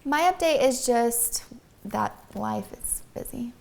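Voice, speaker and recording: A woman's voice: a little high, expressive, takes it slowly, vocal fry, a little mellow. A young woman with an Idaho accent, co-hosting a casual chat in an easygoing, chatty way. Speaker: show co-host.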